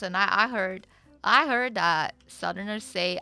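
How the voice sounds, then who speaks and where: A woman's voice: medium pitch, normal speed, creaky, bright, forceful tone, faint music behind. A woman from Eastern Europe, a streamer chatting casually and self-consciously with her viewers.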